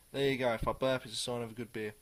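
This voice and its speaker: A man giving a casual, rambling beer tasting review, pausing often as he thinks aloud. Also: medium pitch, fairly even intonation, very noisy. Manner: rambling, hesitant, many pauses.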